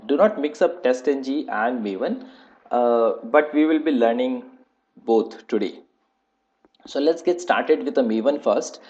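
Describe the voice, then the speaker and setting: A man runs a live online class on software testing and moves through it in a halting, repetitive way, filling his pauses with hesitant sounds. His pitch sits in a middling range. The sound is dull and lo-fi, as if it came through a computer mic on a call. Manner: halting, many "uh" fillers, repeats points.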